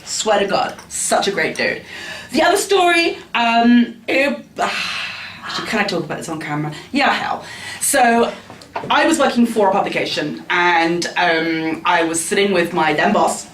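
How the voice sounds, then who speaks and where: A man's voice: sits high, lively intonation, measured pace, a bit bright, a little hiss or hum. A man, a tabloid journalist, telling candid, gossipy, profane stories in an interview. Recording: roomy sound, distant mic.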